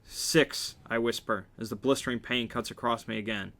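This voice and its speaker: Bright-voiced man reading a novel aloud. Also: fairly low pitch, little pitch movement, brisk. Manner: wry reading with joking asides. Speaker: reader.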